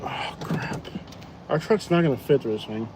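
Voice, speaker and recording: A man's voice: a little high, animated, normal speed. Joking man chatting from a noisy car. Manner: joking, rambling storyteller. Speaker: food delivery driver and live streamer. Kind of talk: casual chat while driving. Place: inside a vehicle on the road.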